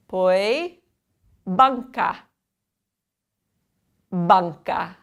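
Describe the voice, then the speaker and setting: A woman in her forties teaches a language lesson at an unhurried pace. She says each word carefully, then repeats it so the learners can follow. Her voice is smooth and clear. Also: medium pitch. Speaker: Italian teacher.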